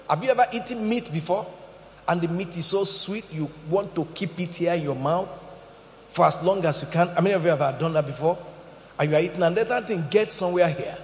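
Animated preacher in an echoey hall. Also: male voice, high-pitched. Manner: animated preaching, swings from shouting to hushed. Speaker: pastor. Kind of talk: sermon. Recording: echoey hall, muffled sound.

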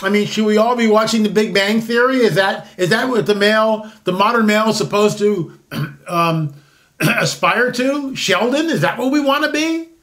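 Man in his 60s, high voice, rambling sarcastic commentary host. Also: moderate pace, a bit bright. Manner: rambling, sarcastic, restarts often. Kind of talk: opinionated solo commentary.

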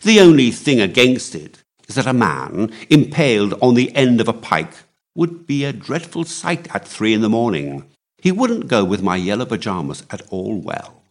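A man reading aloud and voicing a jaunty upper-class gentleman with breezy, joking banter. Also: lowish voice, sing-song, normal speed.

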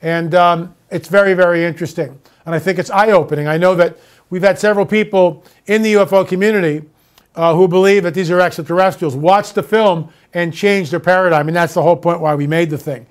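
A man hosting his own show, talking in an emphatic, mocking way and dropping to a hush for the tense parts of a story. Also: high-pitched, fairly even intonation, a little fast, smooth. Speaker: show host. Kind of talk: opinionated monologue and storytelling.

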